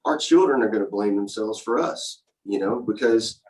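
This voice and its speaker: A man's voice: lowish voice, moderate pace, a little mellow, poor audio. A man hosting a conversational show, speaking reflectively and searching for his words as he talks. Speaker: host. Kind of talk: casual conversation.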